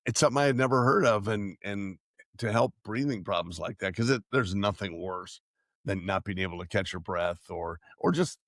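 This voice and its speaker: Middle aged podcast guy asking questions, kinda low voice, dry sound. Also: normal speed, fairly bright tone, no room sound. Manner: encouraging, leading the talk with questions. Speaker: podcast co-host. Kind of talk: casual chat.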